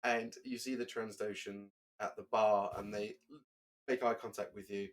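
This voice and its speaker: A man narrating as game master, in a loose, halting way with fillers and restarts. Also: fairly low pitch, level tone.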